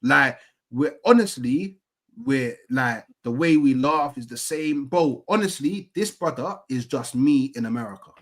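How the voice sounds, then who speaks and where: A man's voice: medium pitch, animated, a little slow. A man in casual chat, rambling and full of fillers and slang.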